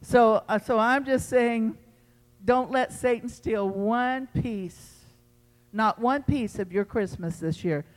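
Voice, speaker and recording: A pastor preaching a sermon to his congregation in an impassioned, emphatic way, swinging between loud pleading and quiet teaching. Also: extremely high pitch, slow, big-room sound. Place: church sanctuary.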